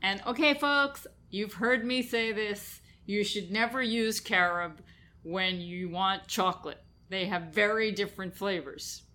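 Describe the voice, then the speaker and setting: Female co-host, mid-pitched, relaxed and chatty. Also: unhurried. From New York. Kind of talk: casual chat.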